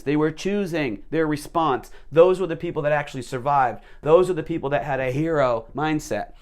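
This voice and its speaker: Animated male leadership teacher. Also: fairly high pitch. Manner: animated, repeats words as he rephrases. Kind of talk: explanatory storytelling talk.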